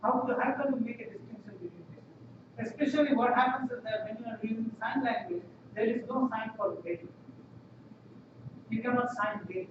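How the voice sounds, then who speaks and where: A man giving a university class lecture, explaining ideas step by step, repeating phrases and pausing with fillers, recorded from far off in a classroom. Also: very high voice. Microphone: laptop webcam from far off. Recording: echoey room, distant lo-fi mic, noisy.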